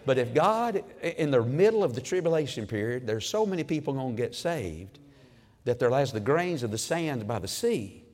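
A man's voice: mid-range voice, sing-song, normal speed. Folksy preacher man in reverberant church. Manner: folksy storytelling, surging to loud emphatic peaks. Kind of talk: sermon.

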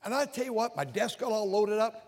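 An older male preacher giving a sermon, animated and repetitive, swinging from loud outbursts to hushed confessions. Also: high-pitched, brisk. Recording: long reverb of a large hall.

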